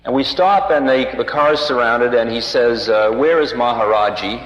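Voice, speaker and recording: A man's voice: mid-range voice, normal speed, a bit bright, faint music behind. A man giving a lecture, telling a story from his own life in a wry, conversational, self-mocking way. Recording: roomy hall, dull lo-fi archive tape.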